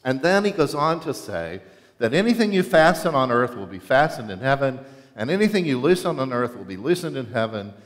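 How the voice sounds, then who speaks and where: Male pastor, animated sermon delivery with a wide pitch range, reverberant sanctuary. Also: fairly quick. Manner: animated, asks the congregation questions, acts out quotes. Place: church sanctuary.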